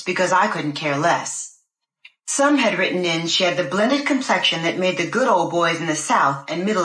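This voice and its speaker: A woman reading a first-person novel aloud in a measured, deliberate way. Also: on the low side, fairly bright tone. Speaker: narrator. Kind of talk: scripted first-person audiobook narration. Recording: roomy echo.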